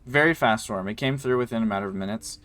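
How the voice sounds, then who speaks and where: A man's voice: medium pitch, quick pace, a bit bright. A man running a tabletop game as game master, narrating in a loose, rambling way full of ums and likes.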